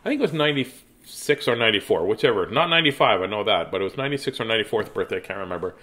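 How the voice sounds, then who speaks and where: A man's voice: lowish voice, animated, racing, sharp tone. A man from Canada telling a funny story and reading a children's book aloud in a playful, joking way.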